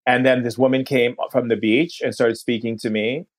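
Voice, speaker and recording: With a steady tone and a mid-range voice, a man guesting on a podcast relates a lengthy personal story in an earnest manner. He slows down at the crucial parts and tends to restart phrases.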